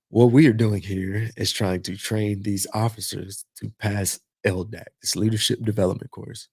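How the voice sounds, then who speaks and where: A middle-aged man with a low, gravelly voice tells a long story in a casual way, swearing freely and acting out what others said. The room sounds dry and close, with no echo. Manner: profane, animated retelling with quoted voices. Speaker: podcast host.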